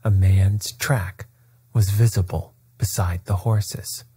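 Slow, breathy male bedtime narrator. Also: deep voice, dry recording. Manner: soft, steady, soothing delivery. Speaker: bedtime story reader. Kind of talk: calm bedtime story narration.

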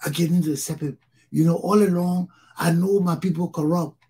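A man's voice: on the high side, steady tone, fairly quick, mellow, slightly rough. A Liberian man hosting his own talk show, speaking in an impassioned solo monologue and repeating phrases for emphasis.

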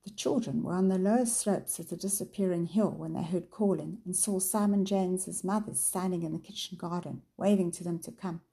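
A woman's voice: lowish voice, a little fast, hardly any pauses, warm tone. A woman narrating a children's story aloud. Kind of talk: storybook reading.

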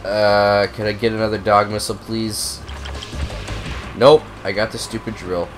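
A young man with a cold who coughs now and then, giving profane, excitable, rambling commentary on a racing game. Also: lowish voice, normal speed, faint music behind. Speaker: gaming video host. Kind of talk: casual gameplay commentary.

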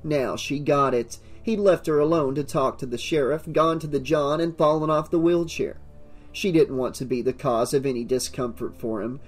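A man narrating an audiobook in a steady, measured reading. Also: mid-range voice.

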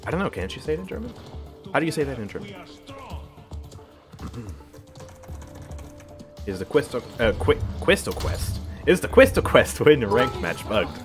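Lively-voiced man streaming a game. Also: medium pitch. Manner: chatty, reacts to the match and reads chat aloud. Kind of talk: casual gameplay commentary.

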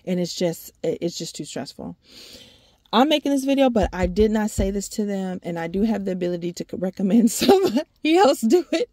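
A woman's voice: mid-range voice, sing-song, a little fast, warm tone. A woman talking candidly in a personal vlog, sighing often as she drifts from work troubles to faith. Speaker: vlogger. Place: outdoors near her home, rain starting.

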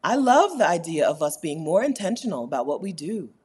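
A woman with a low, slightly husky voice hosts a relaxed live stream, answering viewer comments. Her pitch rises and falls with animation as she laughs easily and repeats her key points for emphasis. The delivery is informal and chatty. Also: fairly quick. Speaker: YouTube host answering live chat. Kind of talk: casual live-stream chat.

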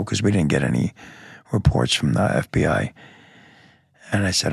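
A middle-aged man tells his story as a podcast guest. His voice is low, heavily gravelly and raspy, and it sounds dry and close to the mic. He talks in a blunt, plainspoken, earnest way and curses now and then. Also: lively intonation, brisk, long pauses, no echo. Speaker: police lieutenant guest. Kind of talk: candid interview storytelling.

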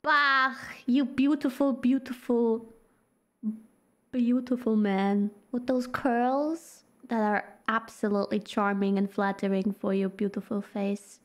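A woman's voice: on the high side, little pitch movement, takes it slowly. A young woman streaming a game, gasping and reacting playfully as she reads in-game text aloud.

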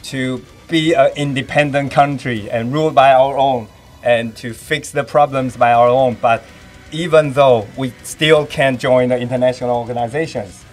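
A man from Taiwan with a Taiwanese accent, Taiwanese Hokkien his first language, talking as a podcast guest in casual chat, halting and reaching for words with many fillers. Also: medium pitch, fairly even intonation, soft background music.

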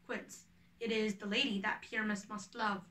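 A woman reading the part of a fussy male carpenter who directs a village play, handing out names and parts in order, with a bright voice in an echoey room. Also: mid-range voice, level tone, moderate pace, distant mic, lightly acted. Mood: bossy. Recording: echoey room, away from the mic.

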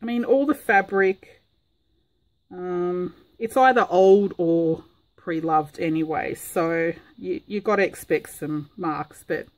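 A woman's voice: fairly low pitch, poor audio. A woman vlogging a casual crafting tutorial, chatty and rambling with frequent ums.

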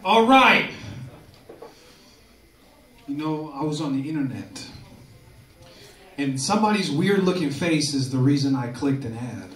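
A man doing a loose, crude stand-up comedy set, often tagging lines with "dude". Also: on the high side. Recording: echoey room from far off, crowd laughter.

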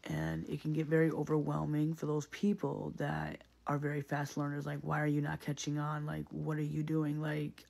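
A man's voice: on the high side, completely flat delivery, moderate pace, creaky, few pauses, darkish tone. A man in a casual, reflective monologue, speaking earnestly and often repeating himself with many fillers.

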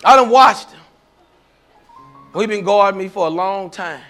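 A man preaching a fervent testimony sermon at a church service, repeating phrases and rising into shouts. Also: sits high, a little slow, faint music behind. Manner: repetitive call-and-response preaching, rising to shouts.

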